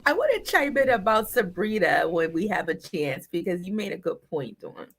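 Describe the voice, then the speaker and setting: A woman panelist on a podcast, discussing a reality show in a lively, gossipy, playful way. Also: lowish voice, normal speed, breathy edge.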